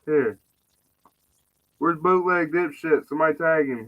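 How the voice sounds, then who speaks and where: A man's voice: medium pitch, moderate pace, highs cut off. A man talking in casual, profane, joking banter as a guest on a live podcast stream.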